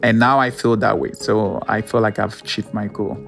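A man with a Ghanaian accent, a motivational speaker talking slowly and earnestly in an interview. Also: fairly low pitch, steady tone, vocal fry, music in the background. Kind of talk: interview talk.

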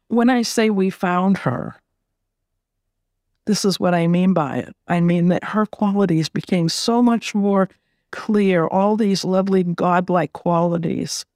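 A middle-aged woman being interviewed, telling a personal story in a gentle, reflective way and often repeating words as she gathers her thoughts. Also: lowish voice, dry recording, studio quality. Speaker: interview guest.

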